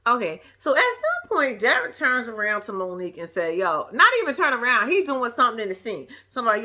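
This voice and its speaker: A woman's voice: fairly high pitch, very animated, fairly quick, hardly any pauses, pushed and bright. Sassy, profane woman recapping reality TV. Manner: blunt, profane, sassy running commentary. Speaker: show recap commentator. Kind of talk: casual reality-show recap.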